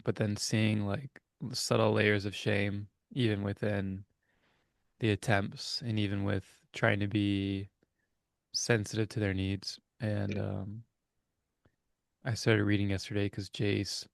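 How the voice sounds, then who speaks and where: A man's voice: on the low side, creaky, no room sound, studio quality. A young adult man co-hosting a casual reflective chat over a video call, talking in an earnest, rambling way as he searches for words. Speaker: co-host.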